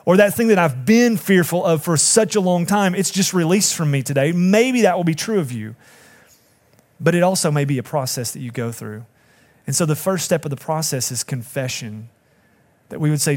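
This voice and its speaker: A man's voice: a little high, normal speed, darkish tone. A middle-aged man preaching a sermon, earnest and building to emphatic appeals to the congregation. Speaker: pastor.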